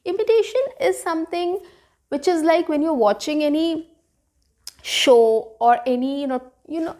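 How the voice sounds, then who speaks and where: A woman gives a spoken lesson in a high voice. She explains patiently, repeating her points and checking in with "right?" as she goes. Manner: explains with repetition, keeps asking "right?". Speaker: English teacher.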